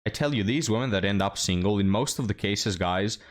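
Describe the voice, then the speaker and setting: Man, low voice, mocking commentary, laughs a lot, scornful. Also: fairly quick. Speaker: commentary host. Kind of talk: reaction commentary.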